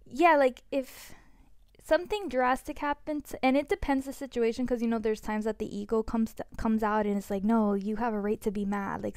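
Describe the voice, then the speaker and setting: A woman's voice: medium pitch, creaky, a little mellow, no echo, studio quality. A woman on a podcast, sharing reflectively and vulnerably with many "like" fillers. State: voice shaking with emotion. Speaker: podcast co-host.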